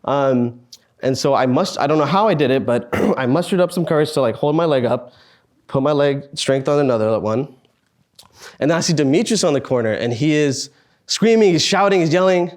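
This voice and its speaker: A man in his twenties, speaking at a student meetup, telling a personal story in an earnest, halting way with sighs and pauses. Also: fairly high pitch, animated. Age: 20s.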